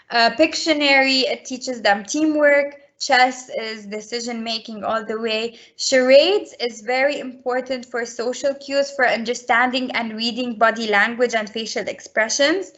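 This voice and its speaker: Brief: woman presenter on a video call, slightly high voice, earnest and explanatory, dull lo-fi audio. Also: a bit bright. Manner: earnest, explanatory, many restarts. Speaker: presenter at a school webinar for parents. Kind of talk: webinar talk with slides.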